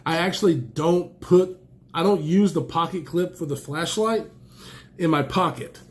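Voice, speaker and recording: Casual excitable male gear reviewer, slightly raised pitch, allergy-stuffed, rambling. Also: a little slow, slight background noise. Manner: enthusiastic, rambling, exclaims often. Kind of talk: casual unboxing chat.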